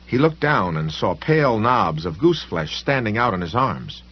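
A man narrating an audiobook in a steady, measured scripted style. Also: fairly low pitch, slightly rough, lo-fi sound.

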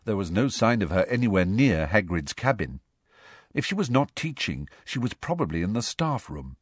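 With a fairly low, slightly rough voice, a male audiobook narrator tells a storybook expressively at a moderate pace. The studio sound is clean, without any room sound.

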